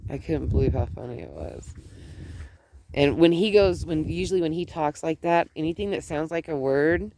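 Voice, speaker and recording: A woman's voice: sits low, animated, normal speed, dark tone. A middle-aged woman vlogging outdoors at home, chatting in a rambling way with many restarts. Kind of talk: casual chat.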